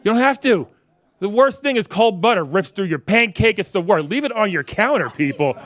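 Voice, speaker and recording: A man in his forties from New York works through a stand-up set in a wry, conversational way. He keeps turning to the crowd to banter, and his speaking voice sits a little on the high side. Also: very animated, a little fast, a bit bright, dry recording. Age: 40s. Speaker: stand-up comedian. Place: comedy club stage with a live audience.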